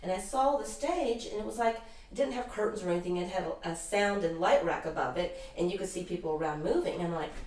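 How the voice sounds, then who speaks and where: A middle-aged woman, an intuitive healer appearing as an interview guest, tells long rambling anecdotes with lots of restarts in casual storytelling. Her medium-pitched voice is a little mellow, and she talks fast with few pauses. The distant mic gives a roomy echo.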